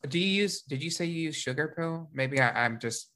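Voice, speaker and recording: Bright, jokey woman host. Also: sits low, a little fast. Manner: jokey, self-mocking. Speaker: podcast host. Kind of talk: casual chat.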